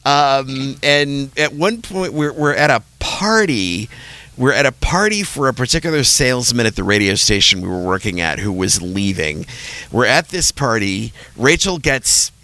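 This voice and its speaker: A man chatting casually, spinning anecdotes and breaking into laughter. His pitch swings widely and his tone is bright. The sound is dry and close. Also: big pitch swings, moderate pace, no echo. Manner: anecdotal storyteller who laughs often. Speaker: podcast co-host. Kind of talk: casual chat.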